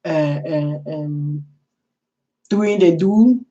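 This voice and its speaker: A woman's voice: low voice, very slow, warm tone, dull audio. A woman vlogger telling a story in a chatty way, laughing often and talking straight to the viewer. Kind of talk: casual storytelling commentary.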